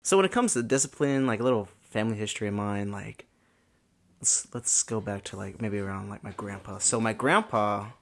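Gravelly-voiced young man rambling casually. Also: fairly low pitch, a little fast, a little hiss or hum. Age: 20s. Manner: rambling, fills speech with "like". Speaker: podcast co-host. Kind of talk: casual chat.

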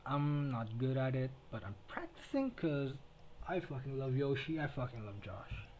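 Solo podcast host, late-teen Filipino guy, warm low tone, rambling and profane. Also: sing-song, normal speed, slight background noise, rough recording. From Philippines. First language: Tagalog. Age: late teens. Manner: heavy swearing, rambling with restarts.

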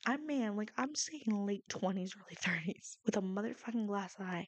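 A woman's voice: medium pitch, expressive, moderate pace. A young woman in her twenties recapping a sitcom episode, talking casually with lots of likes and swearing. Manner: chatty, profane, self-deprecating, frequent likes. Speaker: podcast host.

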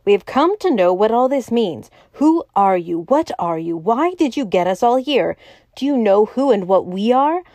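Woman voicing stern angry secretary, mellow dry voice. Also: medium pitch, unhurried, hardly any pauses, no room sound, close to an everyday voice. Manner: stern, savage outbursts. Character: stern, indignant male secretary.

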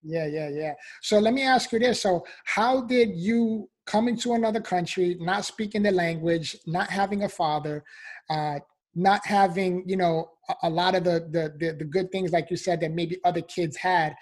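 A man's voice: high voice, normal speed. A man interviewing a guest, asking long, searching questions in a casual way.

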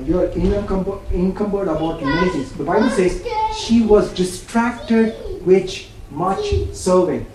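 A high-voiced man preaches a sermon emphatically, peppering listeners with repeated questions. He's picked up by a distant mic in a very echoey room with noisy background and faint ambience.

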